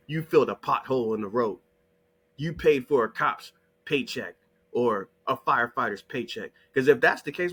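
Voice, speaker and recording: A man giving profane, combative ranting commentary over a shared screen, hammering rhetorical questions and repeated demands in a husky voice. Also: mid-range voice, a bit bright. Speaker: online video creator.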